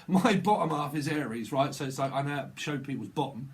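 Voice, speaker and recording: A man gives a channeled tarot reading. He talks in loose, free-associating riffs and swings from one pun to the next. His voice sits a little higher than most men's. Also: a little fast. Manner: rambling free-association wordplay, laughing at himself. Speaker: tarot reader.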